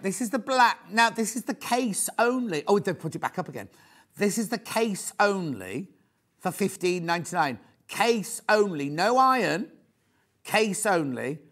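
A middle-aged man presenting a live shopping channel, chatty and excitable, often raising his voice. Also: a little high. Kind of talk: live TV sales pitch. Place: TV studio.

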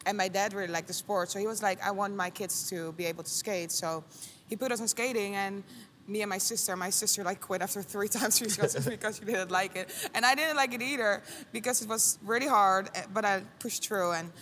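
Young Dutch-accented woman, guest, easygoing podcast chat, mid pitch, faint noise behind. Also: a little fast, long reverb tail. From Netherlands. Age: 20s. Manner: relaxed, lots of "like" fillers. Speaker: guest athlete. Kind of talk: casual chat.

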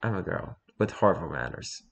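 A man's voice: low voice, sing-song, fairly quick, gravelly. A man casually reading posts aloud and reacting with wry, amused comments. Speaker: streamer reacting to memes. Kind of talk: casual chat.

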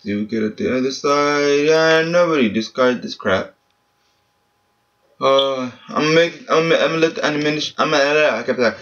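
A man's voice: fairly high pitch, normal speed, fairly bright tone, lo-fi sound. A seventeen-year-old boy giving casual, frustrated commentary while opening game packs at home, swearing often and keeping his voice down. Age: teens. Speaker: gaming channel host. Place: family home, speaking quietly.

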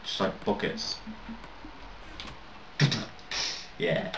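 Drawing out his words over soft background music, a young non-native English speaker rambles and swears through casual gameplay commentary and laughs at his own mistakes. It's recorded on a lo-fi, roomy home mic at a distance.

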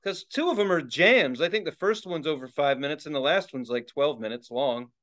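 A middle-aged man co-hosting a podcast in casual chat, excitable and rambling, swearing often and restarting his sentences. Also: a little high, brisk. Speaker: podcast co-host. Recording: dull lo-fi sound.

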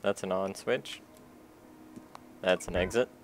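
A man co-hosting a let's play in casual chat, teasing his partner and shouting tips at her mistakes. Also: low-pitched, slow.

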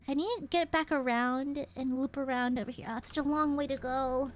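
A woman's voice: sits high, fairly even intonation, brisk, hardly any pauses, soft background music. A woman streamer giving casual gameplay commentary, playful and boastful, swearing and talking to her chat.

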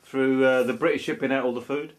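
A man's voice: medium pitch, steady tone, brisk, lightly acted. A man in a comedy sketch, bluntly challenging and arguing in an everyday voice.

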